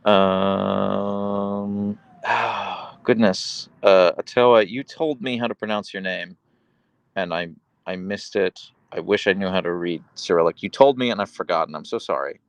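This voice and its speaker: A man's voice: deep voice, a little slow, vocal fry, clear, resonant tone, no room sound. A man hosting a casual live stream, chatting easily as he answers viewers' questions. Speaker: livestream host reading chat.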